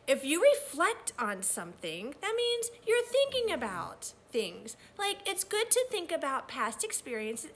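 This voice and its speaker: A young woman leads a children's read-aloud lesson with a high, bright voice. Her pitch leaps all over as she cheers the class on in a sing-song, teacherly way. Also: a little hiss or hum.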